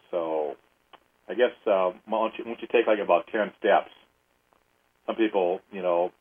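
Man, low and unhurried, leads a healing session with steady counting over a tinny phone-like line. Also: husky. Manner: slow, steady counting aloud. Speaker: energy healing host. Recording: phone-like narrow audio.

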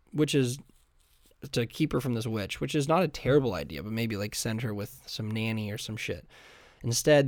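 A man hosting a podcast, rambling through a crude comedic monologue in a deadpan way, with sudden silly voices. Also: mid-range voice, no echo, studio quality. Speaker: podcast host.

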